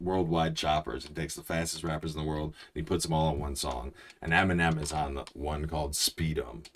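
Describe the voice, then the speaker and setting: Young male reaction host, very low voice, rambling and excitable, keeps restarting sentences. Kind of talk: casual reaction commentary.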